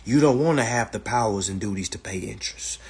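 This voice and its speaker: Male livestream host, husky, blunt and profane, lecture-style. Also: fairly low pitch, expressive, fast talker. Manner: blunt, profane and lecturing, repeats "all right". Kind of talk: casual livestream talk. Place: indoors, livestream.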